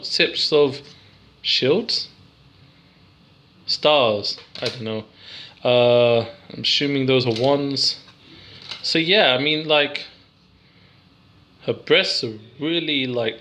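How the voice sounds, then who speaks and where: A man's voice: fairly high pitch, bright, forceful tone. A young English man rambling through a casual, giggly, self-deprecating card review.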